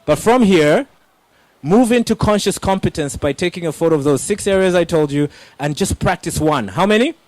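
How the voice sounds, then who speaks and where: A young man giving an energetic motivational talk on public speaking, addressing the audience directly with emphatic questions. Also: high-pitched, normal speed, dry recording.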